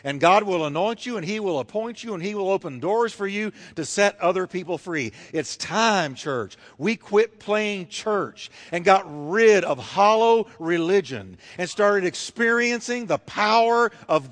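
A man's voice: sits high, lively intonation, measured pace, hardly any pauses, fairly bright tone. A man preaching a fervent sermon, driving his points home with repeated rhetorical questions.

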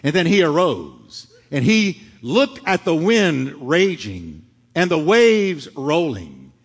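Male pastor, middle-aged, dramatic sermon, loud-to-hushed swings, very expressive pitch. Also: takes it slowly, slightly rough. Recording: long hall reverb.

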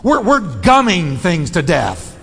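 High-voiced man preaching in an echoing hall. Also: huge pitch swings, slow pace, gravelly, fairly bright tone, a little hiss or hum. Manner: bold, emphatic preaching with shifting pace. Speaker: pastor. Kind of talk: sermon. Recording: long reverb of a large hall.

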